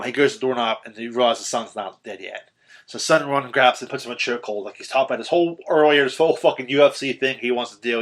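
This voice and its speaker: Guy on a podcast, bright tense voice, rambling through a movie plot, lots of ums and swearing. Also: medium pitch. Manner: animated retelling, swearing, filler-heavy. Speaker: podcast host. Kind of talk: casual film recap chat.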